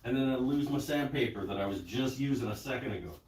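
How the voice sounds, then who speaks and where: A man's voice: medium pitch, a little mellow, reverberant. A man chatting casually and muttering to himself while he sands a piece on a lathe during a live stream. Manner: slow, rambling, self-deprecating muttering while sanding. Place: woodworking shop. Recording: live stream with shop noise behind.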